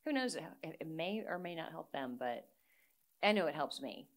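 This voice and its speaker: A woman with a low, deep voice, talking in a relaxed, casual way. She is middle-aged and tells her stories with lively energy, often breaking into laughter. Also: moderate pace. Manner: animated storyteller, laughs often. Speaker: guest musician. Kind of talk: casual chat.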